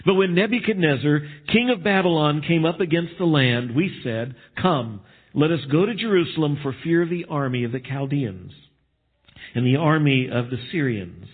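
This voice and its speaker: A man's voice: a little high, lively intonation, moderate pace, slightly rough. A man preaching a sermon, reading scripture aloud and explaining it with emphasis. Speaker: pastor. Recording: tinny phone-like sermon recording.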